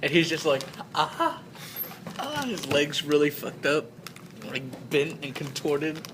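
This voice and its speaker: A man's voice: a little high, unhurried. A man narrating his character's actions in a tabletop role-play, loose and laughing. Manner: lively, laughing, frequent fillers. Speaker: tabletop game player. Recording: noisy home recording.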